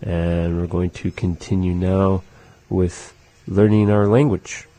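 Male teacher, very low and mellow, dry close sound, repeats words patiently. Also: little pitch movement, slow pace, no room sound. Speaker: language teacher. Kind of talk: casual language lesson.

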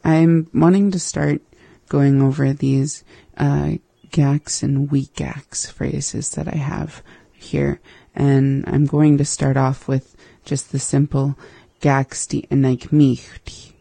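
Slow, gravelly, husky co-host. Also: mid-range voice, dry recording. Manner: slow, flat and gravelly, laughs easily. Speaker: language show co-host. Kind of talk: casual language-lesson chat.

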